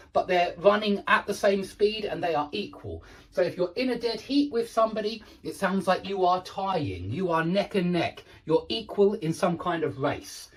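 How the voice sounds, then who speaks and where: Lively male English teacher explaining phrases. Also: sits high. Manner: explains slowly with many restarts and "um"s; checks in with "okay?" and "yeah". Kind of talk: online vocabulary lesson.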